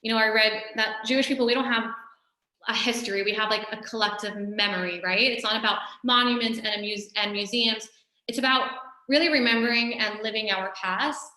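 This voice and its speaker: A woman's voice: fairly high pitch, brisk, pushed and bright. A woman teaching a religious lesson in a conversational, storytelling way, often saying "you know". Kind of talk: recorded Torah lesson. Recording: echoey room.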